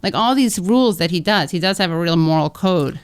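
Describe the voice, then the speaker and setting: A woman, a comedian guest on a podcast, chatting casually with quick playful jokes and frequent agreement. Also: fairly low pitch, animated, smooth. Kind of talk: casual conversation.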